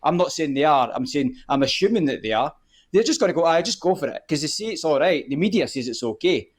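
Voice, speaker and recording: A man's voice: a little high, animated, fast, breathy edge. A man, a guest on a live podcast, ranting heatedly and swearing often. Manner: fired up, swearing often, repeats "the whole point is".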